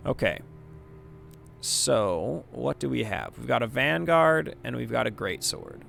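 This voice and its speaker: A man's voice: medium pitch, lively intonation, unhurried, creaky, fairly bright tone, faint music behind. A man giving casual let's-play commentary, reading the game text aloud and chatting about his choices. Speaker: gaming streamer.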